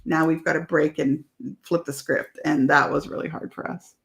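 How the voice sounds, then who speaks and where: A woman as a podcast guest, telling animated stories and swearing freely. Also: low-pitched, normal speed, creaky. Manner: animated storyteller, swears, acts out quotes. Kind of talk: casual podcast chat.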